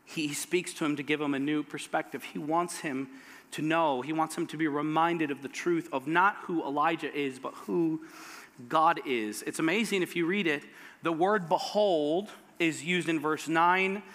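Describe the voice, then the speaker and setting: Animated high-voiced pastor preaching in a hall. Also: male voice, moderate pace. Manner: animated, acts out quoted voices of God and Elijah. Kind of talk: sermon. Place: church sanctuary. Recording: reverberant church hall.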